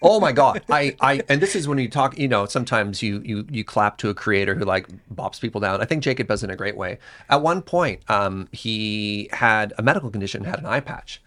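A male streamer in casual panel chat, animated and acting out quotes with big swings in his voice. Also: fairly low pitch, fairly quick.

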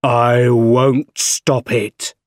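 A man voicing a tormented middle-aged male scientist, speaking slowly and heavily in a storybook reading. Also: on the high side, darkish tone, no room sound, clean studio sound, pitched above the performer's own voice. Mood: grave. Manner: slow, heavy, deliberate delivery.

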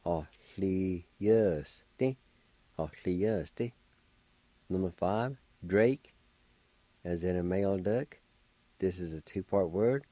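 A man's voice: sits low, slow pace, long pauses, dark tone, no echo, low-quality recording. A middle-aged man, patiently spelling and pronouncing words as a radio language teacher. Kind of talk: slow spelling and pronunciation lesson.

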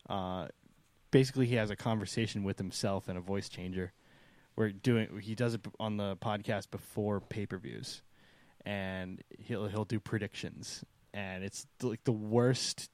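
A low-voiced man chats on a podcast, griping with a laugh never far off. The sound is dry and close, with no room in it. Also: fairly even intonation, measured pace, darkish tone, no echo. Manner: ranting and laughing, mimics voices. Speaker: podcast co-host. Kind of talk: casual chat.

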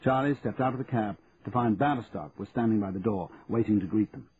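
A man narrating an audiobook in a steady, measured reading. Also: fairly low pitch. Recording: tinny narrow band, faint hiss.

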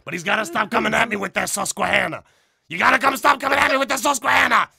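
A man putting on a hotheaded, foul-mouthed office worker who yells and curses at a coworker. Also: high voice, quick pace, creaky, crowd noise, pitched above the performer's own voice. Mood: angry yelling. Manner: yelling, cursing, aggressive.

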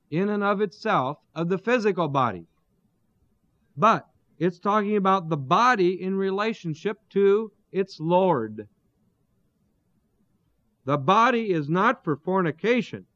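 Guy teaching bible verse by verse, slow and deliberate, asks rhetorical questions, muffled dry audio. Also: high-pitched, bright, forceful tone, no echo. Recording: dull, lo-fi dry recording.

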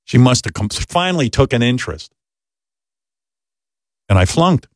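A man's voice: medium pitch, very animated, a little slow, dry recording, clean studio sound. A man hosting a talk show, telling a profane, self-deprecating story in a casual way. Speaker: radio show host.

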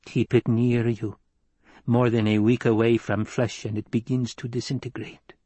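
A man voicing a fierce, devout desert housekeeper woman, speaking slowly in a low muttering way in an audiobook. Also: flat delivery, warm tone, slightly rough, no echo, lightly acted. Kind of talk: audiobook character voice.

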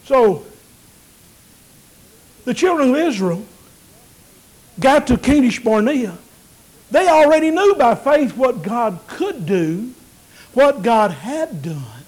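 High-voiced preacher, swinging loud and soft. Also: male voice, big pitch swings, slow pace, pauses often, poor audio. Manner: preacherly, rising to emphatic peaks then dropping low and quiet. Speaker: pastor. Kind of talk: sermon.

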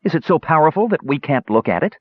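A man's voice: a little high, very animated, fast, husky, no room sound, pitched above the performer's own voice. A man voicing a nervous, earnest young mage in an audiobook reading. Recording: dull lo-fi recording.

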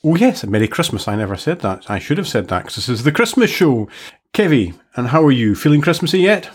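A man hosting a relaxed chat podcast, with a voice of ordinary middle pitch. He jokes easily and pokes fun at himself while leading the conversation. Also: fast, breathy edge. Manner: joking, self-mocking. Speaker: podcast host. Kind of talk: casual chat.

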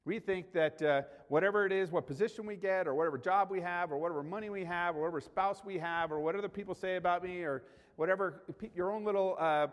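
A man's voice: sits high, fast. Preaching man in a reverberant hall. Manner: animated preaching, swings from loud to quiet, jokes with the congregation. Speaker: pastor. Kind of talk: sermon.

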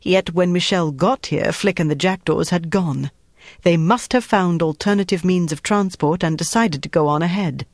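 A man narrates a wartime thriller in a steady, measured storytelling voice. His voice sits a little high for a man, and the close recording is dry, with no room sound. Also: dry recording. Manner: measured, even storytelling delivery. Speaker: audiobook narrator. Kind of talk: scripted narration.

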